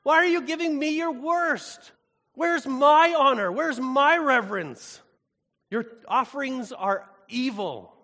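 A preacher acting out an angry, indignant God with loud, drawn-out outrage in a reverberant hall. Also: male voice, high-pitched, lively intonation, pitched above the performer's own voice, full character voice. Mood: furious. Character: furious booming God, wrathful and indignant.

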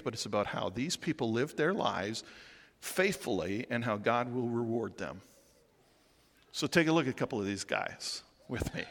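Conversational male preacher in a hall. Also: medium pitch. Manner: conversational, animated preaching with rhetorical questions. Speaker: pastor. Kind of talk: sermon. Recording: long hall reverb.

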